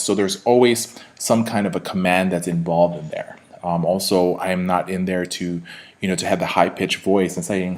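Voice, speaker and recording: A man's voice: low-pitched, steady tone, moderate pace. A man, a sales trainer, giving an instructional talk straight to his viewers in a conversational way, with frequent fillers and tag questions.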